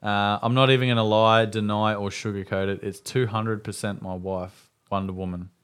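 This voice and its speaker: A man's voice: lowish voice, level tone, normal speed, fairly bright tone, smooth. A man co-hosting a dads' podcast, casually reading out listener replies with a dry, laughing manner. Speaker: podcast co-host.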